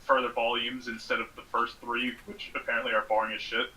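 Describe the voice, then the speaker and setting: A man's voice: medium pitch, level tone, brisk, bright, forceful tone, poor audio. A man in casual podcast chat, speaking hesitantly with frequent fillers. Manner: hesitant, full of fillers and restarts. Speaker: podcast guest.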